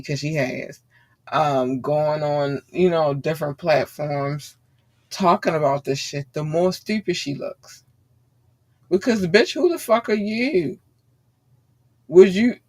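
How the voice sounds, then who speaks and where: Blunt, cursing woman podcast host. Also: deep voice. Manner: blunt, heated, cursing freely. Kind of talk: profane ranting commentary.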